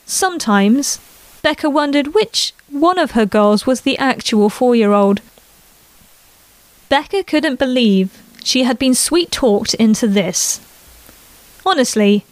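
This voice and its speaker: A woman narrating a family story in an unhurried reading voice. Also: sits high, no room sound.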